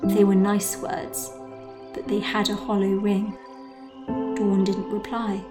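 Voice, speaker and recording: A woman reading a story aloud in an expressive, measured manner, her voice sitting in a middle register. Faint music plays under her narration. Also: mid-range voice. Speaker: audiobook narrator.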